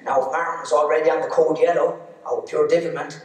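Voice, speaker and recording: A man's voice: a little high, little pitch movement, fast talker, slight background noise. A man with an Irish accent telling comic stories on stage in a cheeky, teasing way. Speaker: stand-up storyteller. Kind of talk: live comic storytelling. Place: arts centre stage. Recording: echoey hall, distant mic.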